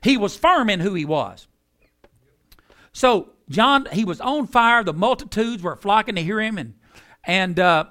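A man preaching a sermon in a high, bright voice that swings widely up and down. He talks in an emphatic, folksy way and slows down to lean hard on key words.

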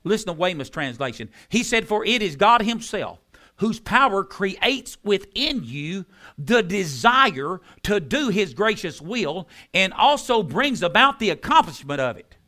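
A man preaching a sermon, repeating key phrases with emphasis and dropping into soft tones. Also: sits high, big pitch swings, measured pace. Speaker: pastor.

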